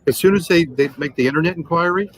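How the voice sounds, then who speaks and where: A man in his sixties, a sales trainer, telling animated anecdotes and acting out the dialogue in a podcast interview. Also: fairly high pitch, fast, a little hiss or hum, poor audio. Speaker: guest, automotive sales trainer.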